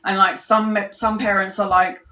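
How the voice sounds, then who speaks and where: A woman tells a rambling personal story for her followers, chatty and quick to laugh, with casual swearing. Her voice sits at an ordinary middle pitch. The room around her gives a noticeable echo. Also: little pitch movement, sharp tone. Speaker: tarot reader. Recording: roomy echo.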